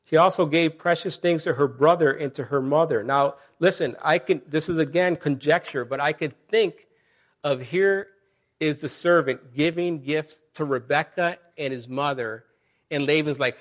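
A middle-aged man preaches in a relaxed, talky way, breaking off into asides and reading scripture aloud. His voice sits a little on the high side for a man. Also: normal speed. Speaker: pastor. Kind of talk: sermon.

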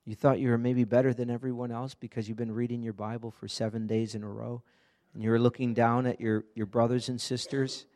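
A man's voice: mid-range voice, level tone, brisk, few pauses, a little mellow. A man preaching an earnest, conversational sermon, often asking the congregation direct questions. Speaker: pastor.

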